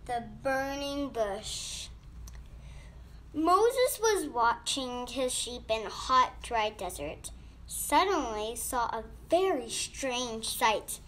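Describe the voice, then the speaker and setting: A woman's voice: a little high, very animated, slow, fairly bright tone, slight background noise. A woman telling a children's Bible story in a hesitant way with ums, addressing kids at church.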